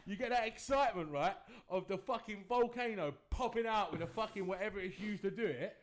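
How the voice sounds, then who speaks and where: A man's voice: high voice, animated, a little fast, few pauses, background noise. A young man co-hosting a podcast, teasing his friend in sweary, casual banter. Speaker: podcast co-host. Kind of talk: casual chat.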